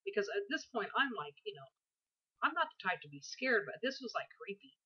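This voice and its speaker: A woman's voice: medium pitch, big pitch swings, fairly quick, bright, forceful tone, husky, muffled recording. A tired woman in her forties telling a story to her camera from her bed at home, rambling and chatty with many asides. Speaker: vlogger. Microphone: built-in camera microphone.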